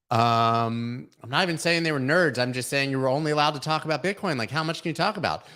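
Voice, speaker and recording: A man's voice: lowish voice, a bit bright. A man hosting a casual livestream chat, rambling and joking with lots of filler words. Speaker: host.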